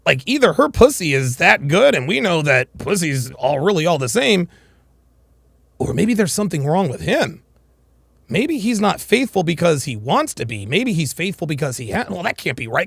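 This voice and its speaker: A man's voice: sits high, sing-song, normal speed, vocal fry, dry recording, clean studio sound. A man giving blunt, crude, ranting reaction commentary.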